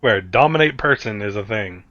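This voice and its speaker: Bright-voiced man playing tabletop games. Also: lowish voice, lively intonation, normal speed, dry recording, highs cut off. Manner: offhand, profane. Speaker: player. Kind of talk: casual tabletop game chat.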